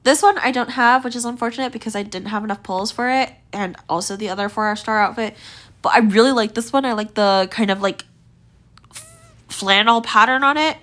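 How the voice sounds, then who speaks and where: A woman's voice: fairly high pitch, brisk, fairly bright tone. Chatty young woman with a tiring voice. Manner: chatty, rambling, lots of likes and ums. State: voice tiring, slightly strained. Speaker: gaming video creator. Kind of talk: casual rating commentary.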